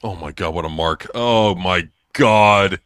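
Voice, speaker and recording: A man's voice: deep voice, slow pace, a bit bright, clean tone, no room sound, clean studio sound. A man co-hosting a wrestling news podcast, sneering, swearing and laughing while he mocks the subjects. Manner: profane, sneering, laughs often. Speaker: podcast co-host. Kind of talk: crude casual news chat.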